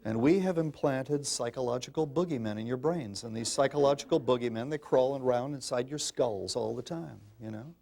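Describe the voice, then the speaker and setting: Warm and gravelly, this older man's medium-pitched voice runs a little fast with few pauses. As a parenting speaker addressing an audience, he's emphatic and insistent, calling everyone folks in a homespun way.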